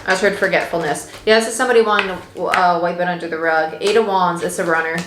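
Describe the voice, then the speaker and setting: A woman's voice: fairly low pitch, fairly even intonation, quick pace. A woman giving a casual, chatty tarot reading, reassuring her listeners and swearing now and then. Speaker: tarot reader. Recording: echoey room with faint noise.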